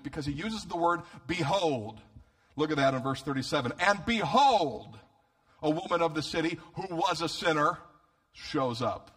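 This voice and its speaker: A male pastor with a mid-range voice preaches an animated, humorous sermon, often repeating words as he begins a phrase.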